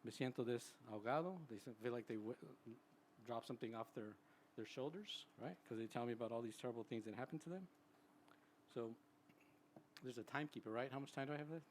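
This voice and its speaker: A man's voice: mid-range voice, a little fast, a little hiss or hum. A man in his sixties, a psychologist, giving a conversational public talk at a live event and often checking in with "right?". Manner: chatty, tags sentences with "right?". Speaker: psychologist speaking at a symposium.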